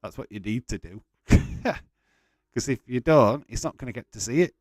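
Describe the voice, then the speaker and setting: A man's voice: medium pitch, expressive, normal speed, no echo. A man hosting a casual live watch-along stream, chatting loosely with frequent swearing and rambling restarts. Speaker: livestream host.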